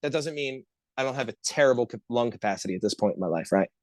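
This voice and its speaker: A man's voice: medium pitch, fast talker, no echo. A man on a podcast telling a long, rambling story among friends, swearing constantly and talking with lots of energy. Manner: profane, animated, rambling storyteller. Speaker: podcast co-host.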